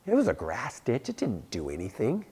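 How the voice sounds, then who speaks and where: At a medium pitch and moderate pace, a young adult youth pastor preaches to youth. His storytelling is animated, full of acted-out voices and his own laughter.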